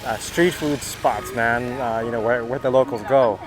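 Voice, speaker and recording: A man's voice: medium pitch, normal speed, background noise. Chatty man vlogging outdoors by a river. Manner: loose and chatty, many fillers and restarts. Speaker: travel vlogger. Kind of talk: casual vlog narration to camera. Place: outdoors along a river, on boats and roads.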